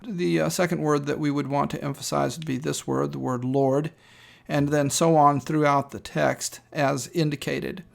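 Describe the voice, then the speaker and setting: A man teaching a screen-recorded lesson, explaining step by step in a measured way with frequent ums and uhs. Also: fairly high pitch, steady tone, vocal fry. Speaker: instructor.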